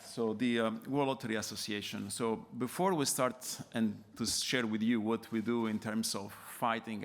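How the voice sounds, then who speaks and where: A man's voice: mid-range voice, gravelly. A man with an Italian accent and a nasal voice giving a hesitant conference presentation full of fillers. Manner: hesitant, many fillers and restarts. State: nasal from a cold. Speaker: conference panelist. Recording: reverberant conference hall.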